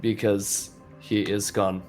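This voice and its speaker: Flat-voiced low male player. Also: takes it slowly, soft background music. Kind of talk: casual chat.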